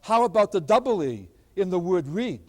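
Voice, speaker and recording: A man giving a math lecture, explaining ideas in an animated, emphatic way. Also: sits high, normal speed. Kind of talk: classroom lecture.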